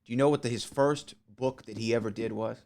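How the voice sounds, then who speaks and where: A man with a middle-range voice co-hosts a wrestling podcast. He shares stories with eager energy. He often stumbles into quick restarts as he talks. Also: mid-range voice, steady tone, vocal fry, a little mellow. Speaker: podcast co-host. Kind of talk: casual chat.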